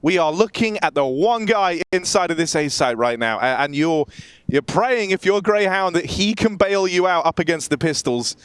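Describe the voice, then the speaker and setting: A man's voice: on the high side, expressive, moderate pace, smooth, no echo. A man commentating an esports match, joking and laid-back in casual banter. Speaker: esports caster.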